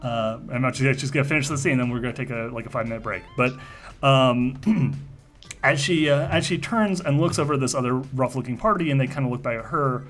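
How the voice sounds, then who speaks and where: A male game master narrates a tabletop role-playing session at a middling pitch, stumbling through fillers and restarts as he builds the scene. Faint music plays in the background. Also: a bit bright. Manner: halting, full of fillers and restarts.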